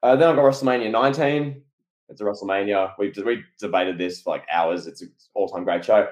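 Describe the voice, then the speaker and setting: A man co-hosting a podcast, telling a story in an animated, excitable way. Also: on the low side, brisk. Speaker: podcast co-host. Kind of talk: casual podcast chat. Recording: echoey room.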